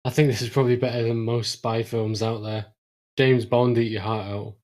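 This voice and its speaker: A man making quick jokes in a casual podcast film commentary. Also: mid-range voice, level tone, a little mellow. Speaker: podcast co-host.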